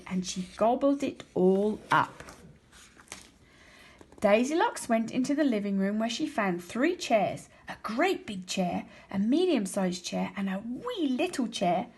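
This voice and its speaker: A woman teacher reading a children's storybook aloud, expressive and slowing down for emphasis. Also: medium pitch, husky.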